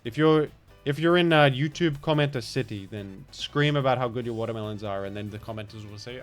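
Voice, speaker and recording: A man's voice: medium pitch, a little fast, few pauses, soft background music. A man with a British accent commenting live on a game he is playing, rambling in a playful, mock-grandiose way. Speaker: streamer.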